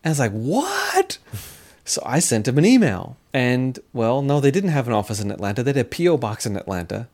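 A middle-aged man, a scientist and speaker, talking casually in an interview and telling lively stories. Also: medium pitch, fast talker, few pauses. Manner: animated storyteller, acts out quotes, laughs often.

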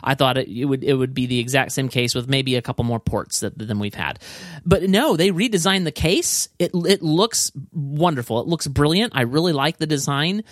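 An enthusiastic man chatting casually about tech, his pitch leaping up when he gets excited. He restarts sentences often as his thoughts race ahead of him. The sound is dry and close. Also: normal speed, no room sound. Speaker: podcast co-host.

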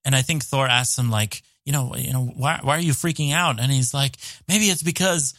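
Man guest, casual film chat, bright forward voice, stumbles over words when excited. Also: medium pitch, no room sound. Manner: halting, repeats words, enthusiastic. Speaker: podcast guest.

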